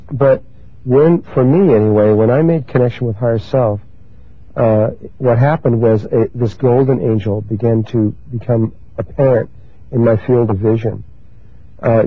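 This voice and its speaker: An older man giving a spiritual talk, telling stories slowly and gently, pausing and restarting often. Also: mid-range voice, no room sound. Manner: slow, gentle storytelling with pauses and restarts. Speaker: spiritual teacher. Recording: dry, tinny phone-like recording.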